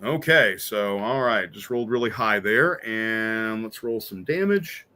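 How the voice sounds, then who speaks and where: A man's voice: fairly low pitch, lively intonation, measured pace, noisy background. A man running a tabletop role-playing game as game master. He talks in a loose, chatty way, with fillers, and he laughs easily.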